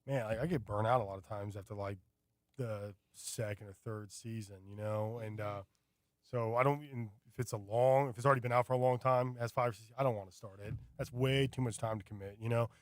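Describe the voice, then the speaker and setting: A man chatting casually on a radio show, telling a rambling, animated story with many fillers. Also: on the low side, fairly quick, no echo, clean studio sound. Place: radio studio.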